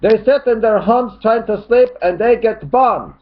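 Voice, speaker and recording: A man's voice: high voice, measured pace, phone-quality sound, voice pushed up. A man doing a furious swearing online commenter. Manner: shouting, cursing.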